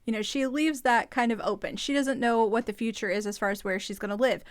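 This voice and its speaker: A woman's voice: a little high, steady tone, brisk, dry recording, studio quality. Chatty woman recapping a show. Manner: chatty, opinionated, amused. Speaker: podcast host recapping a reality show. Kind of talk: casual commentary.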